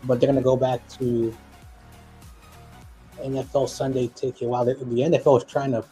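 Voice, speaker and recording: A man's voice: mid-range voice, level tone, moderate pace, warm tone, faint music behind. A man co-hosting a live football stream in casual chat, rambling, joking and often losing his train of thought.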